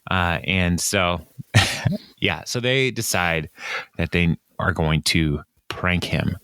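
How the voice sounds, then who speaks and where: A man co-hosting a podcast, recapping an episode in casual chat, often jumping into a higher voice to act out lines and laughing along. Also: slow, pushed and bright, clear, resonant tone, dry recording, studio quality. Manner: retells scenes, acting out lines in a raised voice, laughs often. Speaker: podcast co-host.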